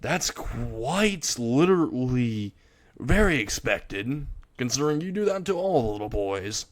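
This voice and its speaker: A man's voice: mid-range voice, very animated, unhurried, dry recording. A man voicing a cocky young male vampire who mocks his enemies with joking quips, in a casual retelling of a fan story. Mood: mocking.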